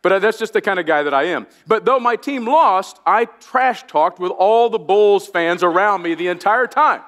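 A man's voice: high voice, animated, normal speed, a bit bright. A middle-aged man from Indiana, preaching a sermon with storytelling asides, self-deprecating humor and frequent restarts. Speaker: pastor. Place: large church auditorium. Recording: long reverb of a large church.

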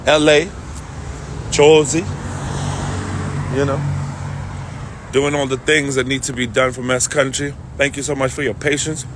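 A man's voice: on the high side, background noise. Laid-back slangy man vlogging outdoors. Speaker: vlogger on a family trip. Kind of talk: casual vlog chat. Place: outdoors on city streets and in a theme park. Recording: music laid under the voice.

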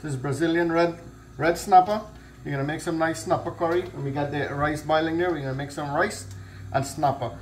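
A man with a Guyanese accent and a slightly raised pitch tells a joke in a loose, easygoing way. He hosts a home cooking channel from his kitchen, chatting casually as he cooks. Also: fairly quick, a little hiss or hum. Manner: easygoing storyteller, relaxed creole grammar.

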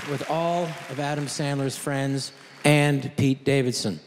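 A man's voice: mid-range voice, fairly even intonation, unhurried, noisy background. A middle-aged man giving a mock-earnest roast speech on a theater stage. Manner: mock-earnest, dry delivery. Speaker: comedian roasting a friend. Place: theater stage at an award ceremony.

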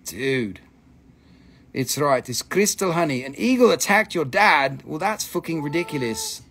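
A man's voice: fairly high pitch, a little slow, husky. A man hosting a live mineral sales stream, chatting casually with viewers and swearing freely while he jokes. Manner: excitable, profane, joking with viewers. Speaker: host selling minerals on a livestream.

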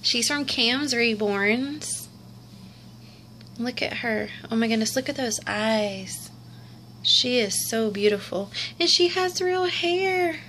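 High-voiced, gushing woman. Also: expressive, slow pace, bright, forceful tone, a little hiss or hum. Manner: gushing and cooing, repeats exclamations. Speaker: vlogger unboxing a doll. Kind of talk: casual unboxing commentary.

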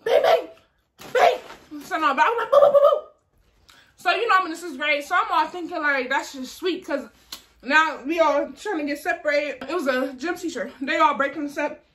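A young woman vlogger telling a story in casual chat, animated and acting out the people in it. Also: high-pitched, fairly quick. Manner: animated, acts out voices in her story.

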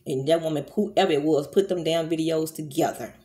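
A low-pitched middle-aged woman speaks straight into her camera in a fired-up vlog rant. Her talk is blunt and full of cursing, scolding someone directly and then checking in with her viewers. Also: fairly quick, mellow. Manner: heated, profane, scolding, addresses viewers as y'all. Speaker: vlogger. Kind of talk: angry commentary rant to camera.

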